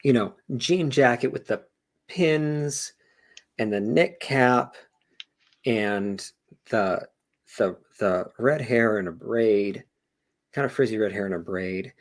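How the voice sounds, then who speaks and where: A man's voice: fairly low pitch, slow pace, long pauses. A man narrating as game master of a tabletop game, describing scenes in a rambling way and correcting himself as he goes.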